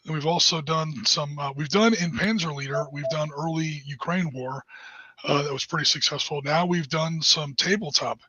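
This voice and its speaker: A man co-hosting a casual podcast, chatty and hesitant with many pauses. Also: fairly high pitch, bright, forceful tone, husky. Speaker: podcast co-host. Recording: dull dry lo-fi mic.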